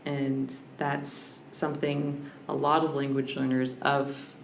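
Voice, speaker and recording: A woman's voice: extremely low pitch, flat delivery, slow, vocal fry. A woman guest on a podcast, a language scholar, talking in a reflective, searching way with frequent restarts. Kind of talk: reflective conversational interview. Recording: roomy with faint background hiss.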